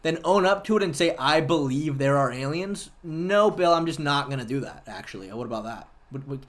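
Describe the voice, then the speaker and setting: A man's voice: fairly high pitch, brisk, a bit bright. A man hosting a livestream, chatting casually and argumentatively with viewers and swearing freely. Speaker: livestream host.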